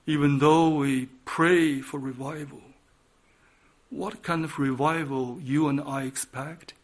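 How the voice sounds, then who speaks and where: Slow, impassioned higher-voiced male preacher. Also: fairly even intonation. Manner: impassioned, swinging between loud emphatic peaks and hushed lines. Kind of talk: sermon.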